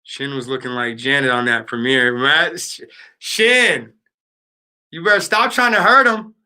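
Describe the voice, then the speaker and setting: A man's voice: medium pitch, unhurried, bright, forceful tone, clear, resonant tone. A man hosting a live stream, chatting casually and playfully with his viewers in slangy talk. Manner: playful, slangy, talks to the chat. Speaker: livestream host.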